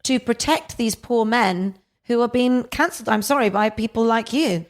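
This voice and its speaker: A woman's voice: a little high, normal speed. A woman hosting a comedy radio show in a pompous manner, talking over her guests. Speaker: radio host. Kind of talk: improvised character comedy.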